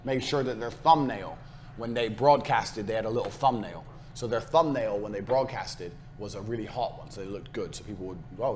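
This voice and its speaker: A man's voice: lowish voice, a bit bright, a little hiss or hum. A man giving a recorded business lecture as a course instructor. He is brash, profane and hard-selling, and he hammers his points home by repeating them.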